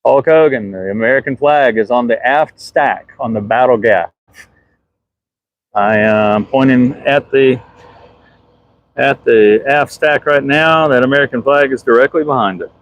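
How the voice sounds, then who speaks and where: A man's voice: mid-range voice, unhurried, dry recording, muffled recording. A man with a Southern US accent giving a casual live stream from a ship deck as its superintendent, answering viewer comments as he films.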